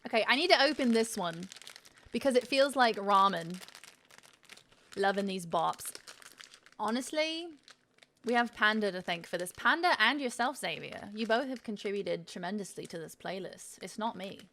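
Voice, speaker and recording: A woman's voice: mid-range voice, lively intonation, moderate pace, fairly bright tone, slight background noise. A woman streamer chatting casually while she tastes snacks on a live stream, self-mocking and swearing freely.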